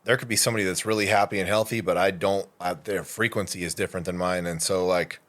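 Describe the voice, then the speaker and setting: A man's voice: low voice, fairly even intonation, fast, a bit bright. A man co-hosting a podcast, laid-back and swearing casually in conversation. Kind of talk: casual chat.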